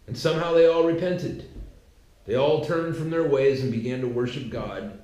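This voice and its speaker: A man's voice: mid-range voice, moderate pace. Slangy man retelling scripture, echoey. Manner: conversational, slangy, animated storytelling. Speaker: podcaster. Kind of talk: informal bible retelling. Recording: echoey room.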